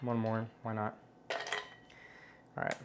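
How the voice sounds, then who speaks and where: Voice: medium pitch, wildly swooping pitch, slow pace, gravelly, very noisy. A host giving a casual home cocktail tutorial, chatty and playful, joking at their own expense and humming as they taste. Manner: savors tastes aloud with hums.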